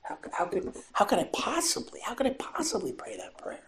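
A man voicing a remorseful woman confessing in church, speaking haltingly and on the edge of tears. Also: medium pitch, vocal fry, close to an everyday voice. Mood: tearful. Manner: hesitant, halting, tearful. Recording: echoey room with faint noise.

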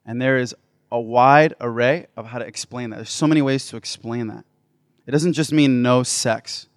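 A man giving a faith talk to a live audience, playful and building to loud, enthusiastic bursts. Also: mid-range voice, steady tone, moderate pace, clean tone, no echo, clean studio sound. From United States. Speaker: Catholic speaker.

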